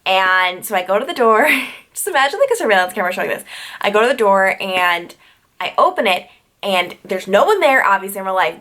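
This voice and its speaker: A woman's voice: medium pitch, sharp tone. A young adult woman from New York telling a storytime vlog, chatty and full of "like" fillers and tangents. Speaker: YouTuber.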